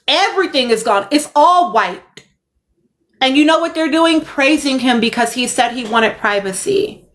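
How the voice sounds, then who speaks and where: A woman's voice: high-pitched, animated, normal speed, fairly bright tone. A young adult woman, hosting a casual commentary livestream, emphatic and fond of repeating her points. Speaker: livestream host.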